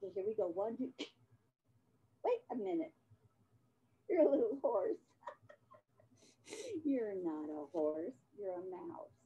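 A woman playing a cheerful Mrs. Claus who does magic tricks and puppet patter for children, in a slow, sing-song, coaxing children's-show delivery. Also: medium pitch, sing-song, breathy edge, full character voice. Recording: dull, muffled audio.

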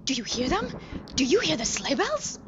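Woman playing a wide-eyed young man, excitable, breathless, high, noisy recording. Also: moderate pace, muffled recording. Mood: excited.

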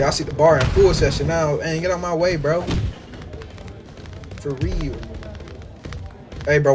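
A young man giving casual gameplay commentary, excitable and slangy, swinging from low mutters to sudden yelps and trash talk. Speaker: gaming YouTuber.

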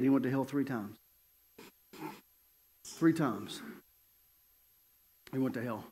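A middle-aged male evangelist preaching a sermon and telling his own story in an animated way, laughing often as he goes. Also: on the high side. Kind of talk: sermon with personal testimony.

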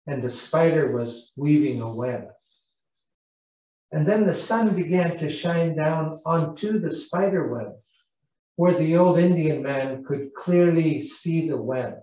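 A man from British Columbia, an Indigenous cultural interpreter, telling a gentle, unhurried storytelling lesson to schoolchildren and asking them questions. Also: fairly high pitch. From British Columbia, Canada. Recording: echoey, distant, dull live broadcast sound.

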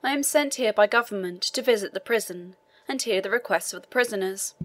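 A woman reading a brisk official inspector. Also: medium pitch, fairly bright tone, close to an everyday voice. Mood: formal. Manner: formal, businesslike. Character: stern official male prison inspector, brisk.

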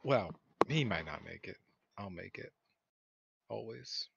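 A man playing in a tabletop game, talking in a halting way and laughing often, on dull lo-fi audio. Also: low voice, lively intonation, vocal fry, husky, no room sound. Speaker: player. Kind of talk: tabletop role-play chat.

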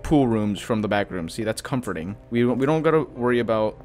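A man's voice: mid-range voice, lively intonation, a little fast, darkish tone, faint music behind. A man giving horror gameplay commentary as a YouTuber, jumpy and panicky, gasping, swearing and laughing nervously. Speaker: gaming YouTuber.

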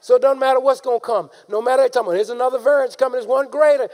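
A man preaching a sermon, calling out to the congregation and rising into shouted emphasis. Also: very high voice, fast talker. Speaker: pastor.

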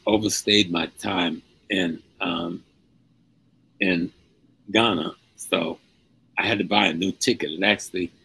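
An older man, a guest, telling a personal story at an unhurried pace, stretching key words. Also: low-pitched, a bit bright, breathy edge, poor audio. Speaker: guest speaker. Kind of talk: storytelling in a live-streamed conversation.

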